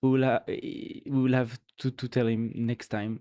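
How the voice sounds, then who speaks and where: Slow, playful streamer with a French accent. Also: mid-range voice, level tone, mellow. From France. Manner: playful, giggly, chatting with viewers. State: tired, late at night. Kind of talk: casual late-night live-stream chat.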